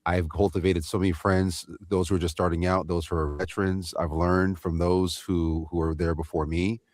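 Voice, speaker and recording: Deep-voiced man from East Los Angeles, slangy. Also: flat delivery, moderate pace, a little mellow. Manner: casual slangy, repeats himself, fillers like you know what I'm saying. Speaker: voice actor panelist. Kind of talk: panel discussion.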